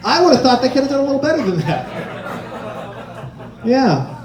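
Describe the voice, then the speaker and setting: Animated man doing stand-up. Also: extremely high pitch, normal speed, echoey room, recorded from a distance, over music. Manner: animated storytelling, acting out voices of others. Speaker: stand-up comedian. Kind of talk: stand-up comedy set.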